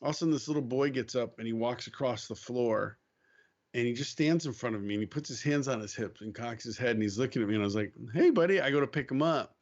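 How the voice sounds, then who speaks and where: A man's voice: medium pitch, fast. American guy telling a story casual, does the voices, bit of a dull lo-fi sound. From United States. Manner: animated storyteller, acts out quotes, laughs easily. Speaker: podcast guest, missionary.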